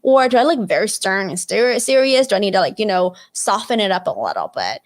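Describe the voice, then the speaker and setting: A woman's voice: mid-range voice, big pitch swings, brisk. A woman hosting a live career webinar over a video call, talking casually with lots of fillers and frequent "right?" checks. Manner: chatty, many fillers like "like" and "you know", frequent "right?" tag questions. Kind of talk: casual instructive webinar talk.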